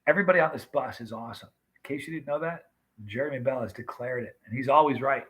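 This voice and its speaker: A man's voice: mid-range voice, quick pace, fairly bright tone, husky, rough recording. A man in his fifties casually chatting on a livestream, greeting viewers by name and telling stories. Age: 50s. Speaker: livestream host.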